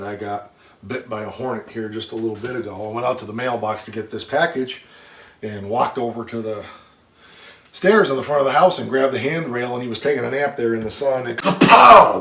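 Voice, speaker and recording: A man from northern Michigan hosting his car shop channel, chatting in a folksy, rambling way as he unboxes parts. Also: mid-range voice. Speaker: shop owner and channel host. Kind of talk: casual chat while unboxing. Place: shop or barn workshop. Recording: echoey shop, mic at a distance, noisy.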